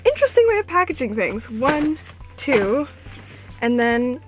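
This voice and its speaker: High-voiced gushing woman vlogger. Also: a little slow, soft background music. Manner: gushing, squealing with excitement. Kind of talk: excited unboxing vlog.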